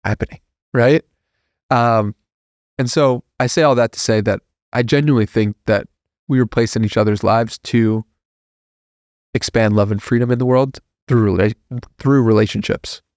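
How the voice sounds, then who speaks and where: A man guesting on a podcast, telling a personal story in an earnest, heartfelt way that grows animated. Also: medium pitch, normal speed, no room sound, studio quality.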